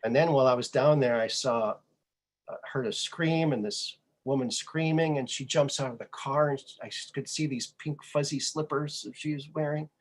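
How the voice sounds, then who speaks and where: A man hosting a podcast recounts his own stories casually, his mid-range voice moving at a normal speed. Animated throughout, he performs the voices of the people he's quoting.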